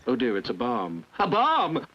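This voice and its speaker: A man's voice: mid-range voice, huge pitch swings, a little slow, sharp tone, dull audio, a little hiss or hum, full character voice. A man voicing a flustered, stammering mayor in a vintage cartoon. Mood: panicked. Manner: stammering, panicky. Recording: distant reverberant old film soundtrack.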